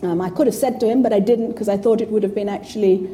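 Woman, fifties, public talk, blunt and profane, mellow tone, faint background hiss. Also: medium pitch, fairly even intonation, quick pace. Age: 50s. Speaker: speaker addressing an audience.

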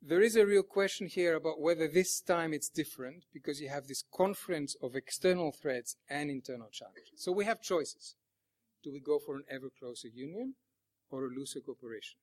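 A man giving an academic presentation, measured and fond of rhetorical questions. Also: fairly high pitch. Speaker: panel speaker and chair.

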